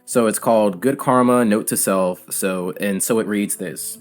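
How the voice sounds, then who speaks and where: A man hosting a casual call-in chat, soft-spoken and reflective. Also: fairly low pitch, unhurried, faint music behind. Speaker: host.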